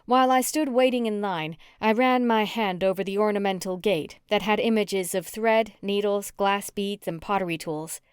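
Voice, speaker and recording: Smooth-voiced woman reading an audiobook. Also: medium pitch, normal speed, hardly any pauses, no room sound, studio quality. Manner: even, storytelling delivery. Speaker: audiobook narrator. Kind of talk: scripted first-person audiobook narration.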